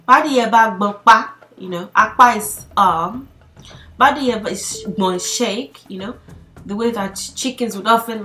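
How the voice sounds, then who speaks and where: A woman hosting a casual language lesson, talking through a text in a loose, chatty manner. She breaks into laughs often and fills pauses with ums and uhs. Faint music plays underneath her voice. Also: medium pitch, a bit bright. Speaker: Yoruba language teacher. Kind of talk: casual video lesson reading and explaining text.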